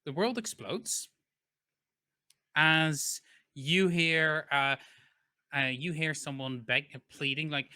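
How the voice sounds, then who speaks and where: A man runs a tabletop game as its game master, describing the scene at a slow, deliberate pace. His voice is bright and forward. He often stops for ums and restarts his sentences. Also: fairly high pitch, clean tone. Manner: unhurried, with frequent fillers and self-corrections.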